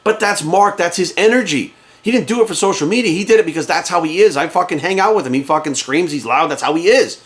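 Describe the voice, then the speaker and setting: A fitness coach sits in his office and speaks straight into the camera in front of him, launching into a quick, heated, animated rant. For a man his voice is somewhat high, and he swears constantly to drive his points home.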